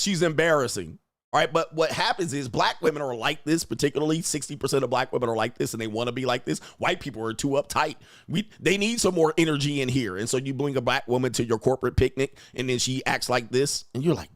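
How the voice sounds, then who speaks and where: Man, stream host, blunt mocking commentary, mid-pitched voice, dry close sound. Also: brisk, no room sound.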